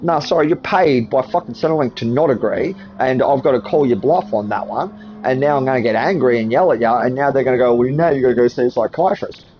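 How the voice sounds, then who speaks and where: A man's voice: medium pitch, a little mellow, slight background noise, low-quality recording. A man in his forties ranting heatedly in casual voice chat while gaming, swearing a lot. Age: 40s. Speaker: gamer chatting with party.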